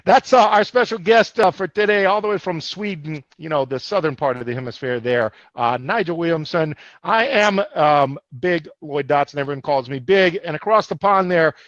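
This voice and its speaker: A man's voice: on the high side, lively intonation, moderate pace, few pauses, fairly bright tone, no echo. A man co-hosting a motivational online business webinar, emphatic and forever checking in with "all right?". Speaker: co-host. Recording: dull lo-fi livestream audio.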